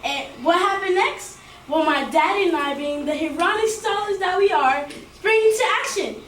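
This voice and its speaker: Extra, theatrical Bobby, read by a woman in a very high voice. She tells her tale with storytelling flourish. The sound is roomy, off-mic, with a faint noise beneath. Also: normal speed, fairly bright tone, recorded from a distance. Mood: playful. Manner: reading lines with storytelling flourish. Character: Bobby, a theatrical over-the-top girl. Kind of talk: rehearsal line reading.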